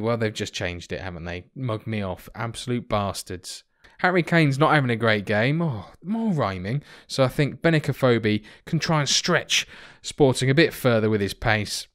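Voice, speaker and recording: Excitable man commentating a game. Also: medium pitch, moderate pace. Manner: excitable, chatty, swears casually. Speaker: let's play commentator. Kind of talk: casual gameplay commentary.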